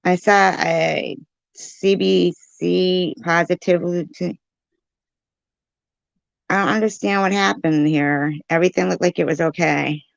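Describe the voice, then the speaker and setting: Slow, gravelly woman on a livestream. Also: lowish voice, fairly even intonation, dry recording, lo-fi sound. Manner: confused, pleading with chatters, laughing often. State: dry mouth. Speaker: livestream host reading live chat. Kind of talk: casual livestream chat.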